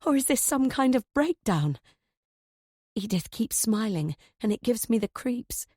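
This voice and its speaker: A woman's voice: on the high side, very animated, unhurried, mellow, slightly rough, dry recording, clean studio sound. A woman reading a first-person thriller audiobook in a tense, confiding way. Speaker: audiobook narrator.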